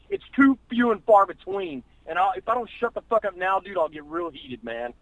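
A man holds forth on a podcast in a boastful, profane comic rant, all macho bluster. His voice sits high for a man and crackles with gravel. The sound is close and dead dry. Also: lively intonation, moderate pace, hardly any pauses, dry recording. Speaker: podcast co-host.

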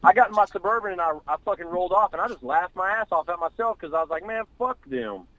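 Fast-talking, profane male co-host. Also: sits high, a bit bright, no echo, poor audio. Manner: profane, pep-talk bluster. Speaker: radio show co-host. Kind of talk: casual call-in show talk.

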